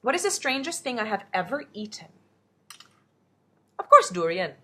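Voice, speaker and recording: A woman's voice: a little high, very animated, moderate pace, pushed and bright, breathy edge. A young woman from the Philippines, an actress chatting upbeat through fan questions on a webcam, rambling into asides. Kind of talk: casual webcam Q&A. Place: indoors at home.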